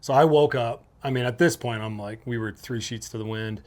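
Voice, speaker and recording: Man from Minnesota, talk show host, animated storyteller, salty language, does voices for quotes. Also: medium pitch, brisk. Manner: animated, swearing, acts out quotes in raised voice. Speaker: podcast host. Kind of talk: casual storytelling chat.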